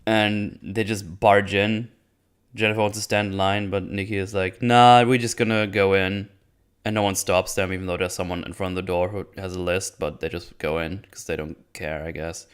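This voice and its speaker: Sarcastic low-voiced man recapping. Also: flat delivery, normal speed, clean tone. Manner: blunt and sarcastic, swears, restarts often. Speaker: YouTube show host. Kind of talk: casual episode recap.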